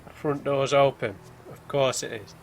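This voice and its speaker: A let's play gamer plays a story game blind, thinking aloud as he explores, musing over clues, and muttering asides to himself. His medium-pitched voice has fairly even intonation at a normal speed, with eerie game music, hymns, and slight noise behind him.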